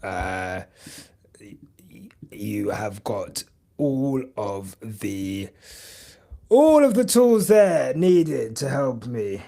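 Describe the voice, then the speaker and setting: A man's voice: medium pitch, big pitch swings, extremely slow, gravelly, long pauses, mellow. A young man chatting casually on a live stream, rambling with many fillers and casual swearing. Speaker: podcast host streaming live.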